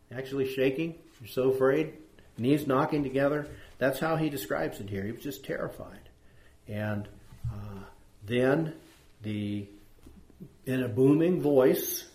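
A man's voice: mid-range voice, slow, darkish tone. Brief: man, Bible study leader, conversational, questions to group, reads scripture, echoey room. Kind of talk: interactive Bible study teaching.

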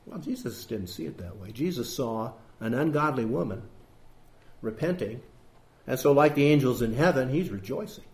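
A man's voice: medium pitch, very animated, moderate pace, roomy sound. A male pastor giving a conversational sermon, acting out the voices he quotes. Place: church building.

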